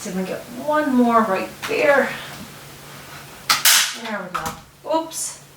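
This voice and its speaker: A woman's voice: on the high side, expressive, slow pace. A middle-aged woman hosting a casual step-by-step craft tutorial, talking while she works and checking in with "okay?". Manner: chatty, talks while working, frequent restarts and "okay?" check-ins. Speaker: DIY tutorial host. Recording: roomy, distant mic with faint noise.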